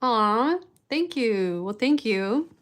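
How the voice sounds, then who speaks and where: Woman live-streamer, unhurried, self-deprecating, rambling casual chat. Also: on the high side, lively intonation, a bit bright.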